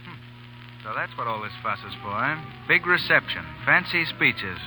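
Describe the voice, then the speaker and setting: An actor playing a brash, teasing young officer from Canada, in 1940s radio acting style. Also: male voice, mid-range voice, animated, moderate pace, music in the background, lightly acted, poor audio. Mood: bantering.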